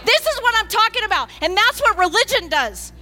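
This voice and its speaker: A woman preaching a passionate sermon, animated, swinging from hushed asides to fired-up peaks. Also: very high voice, fairly quick, a faint crowd.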